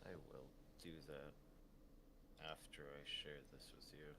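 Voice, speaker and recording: A man's voice: a bass voice, completely flat delivery, a little slow, vocal fry, noisy background. A man in casual late-night chat with a friend, giving short, easygoing replies.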